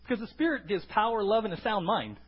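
List: male pastor, emphatic sermon, call-and-response questions, high pitched, dull lo-fi recording. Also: lively intonation, quick pace, breathy edge.

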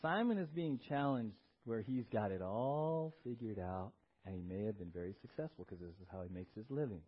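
A male pastor preaching a sermon in a church. He is animated and emphatic and asks the congregation questions. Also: on the low side, moderate pace, few pauses. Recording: dull lo-fi recording.

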